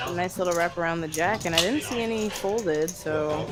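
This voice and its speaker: A man's voice: sits high, normal speed. A man co-commentating a live poker game, easygoing and self-mocking. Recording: loud card room crowd behind.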